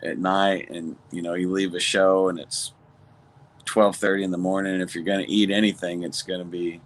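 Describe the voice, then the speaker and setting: A man co-hosting a podcast, telling stories in an easygoing, relaxed way. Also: low-pitched, moderate pace. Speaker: podcast co-host. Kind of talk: casual chat.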